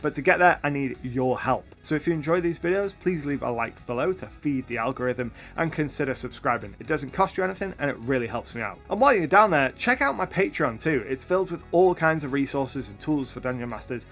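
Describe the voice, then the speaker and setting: A man hosting a tutorial for game masters, talking to camera with upbeat, lively energy. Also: medium pitch, a little fast, hardly any pauses, faint music behind. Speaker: YouTube host and game master.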